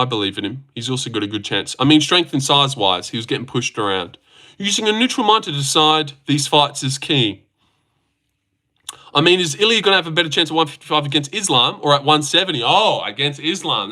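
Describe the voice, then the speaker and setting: A young man from Australia, hosting a live chat about fights, teasing viewers and swearing freely. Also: sharp tone. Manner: teasing, swears freely, jumps up in pitch when mocking. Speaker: livestream host reading chat.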